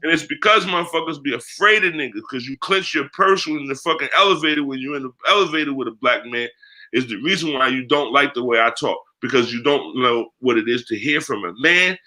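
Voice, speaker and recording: Blunt, profane man, bright voice. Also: mid-range voice, a little fast. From United States. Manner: blunt, profane, emphatic, street slang. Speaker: guest, spiritual priest. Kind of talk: candid interview talk.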